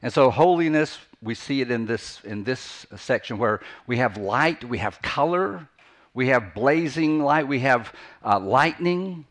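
A man's voice: medium pitch, animated, a little slow, a bit bright. Earnest man preaching a sermon. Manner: earnest, repeats phrases for emphasis, restarts often. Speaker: pastor. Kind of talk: unscripted sermon teaching.

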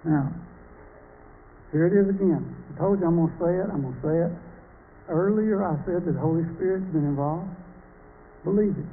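A man's voice: high-pitched, moderate pace, long pauses. Joking man teaching Bible class. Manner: joking, chatty, quizzes the audience. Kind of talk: informal church teaching. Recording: tinny phone-like sound, faint noise.

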